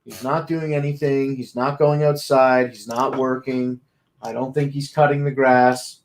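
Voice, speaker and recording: A man's voice: mid-range voice, steady tone, unhurried. A man streaming, talking casually in a blunt, profane, rambling way. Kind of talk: casual talk.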